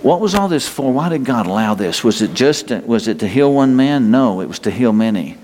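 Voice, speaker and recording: A man preaching a sermon in an earnest, halting way, repeating himself as his pitch rises and falls. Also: expressive, a little mellow, a little hiss or hum. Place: church hall. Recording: long reverb of a hall.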